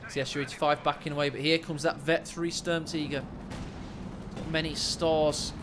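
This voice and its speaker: A man casting a video game match, joking and rambling and breaking into sudden excited shouts. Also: a little high, moderate pace, background noise. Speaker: game caster.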